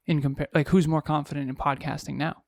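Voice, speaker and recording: A man's voice: fairly high pitch, little pitch movement, quick pace, vocal fry, dry recording, clean studio sound. A man co-hosting a podcast in casual chat, probing with pointed follow-up questions. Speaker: podcast co-host. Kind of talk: casual chat, interviewing co-host.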